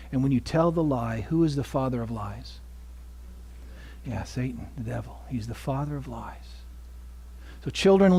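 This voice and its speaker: A man preaching a sermon as pastor, dropping to hushed asides and rising to loud emphasis, often asking the congregation questions. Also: medium pitch, slightly rough. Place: church sanctuary.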